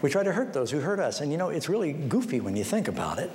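Very animated and a little fast, this dark-toned preacher tells stories in his sermon, mimicking quoted figures with big pitch swings. He then pleads with his listeners in a personal appeal. The sound carries hall reverb over faint background noise.

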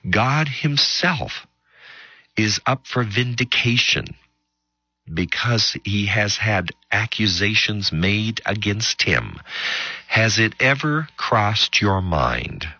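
A man hosting a radio Bible teaching show, speaking emphatically with long dramatic pauses and quick asides. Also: fairly low pitch, bright, forceful tone, breathy edge, no echo, dull audio.

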